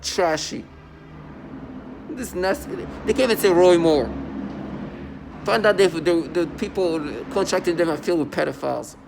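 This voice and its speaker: A defiant man talks straight to the camera from home, his somewhat high voice roughened by heavy gravel. He speaks with scorn, stumbling, restarting and repeating words as he goes. Traffic hums faintly in the background. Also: normal speed, pauses often. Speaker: vlogger. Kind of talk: angry personal monologue to camera. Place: at home indoors.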